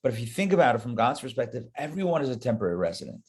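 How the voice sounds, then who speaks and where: A man, a rabbi, teaching a live Torah class in an animated, conversational way, talking straight to his listeners. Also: mid-range voice, racing.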